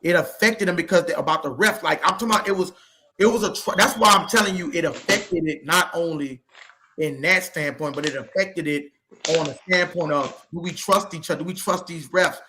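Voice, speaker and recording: A man co-hosting a casual sports podcast, talking in an animated, heated and profane way. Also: a little high, brisk, background noise. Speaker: podcast co-host.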